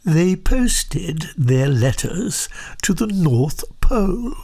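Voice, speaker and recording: A storyteller reading a children's picture book aloud, soft and often half-whispered. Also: mid-range voice, very animated, extremely slow, gravelly, noisy background.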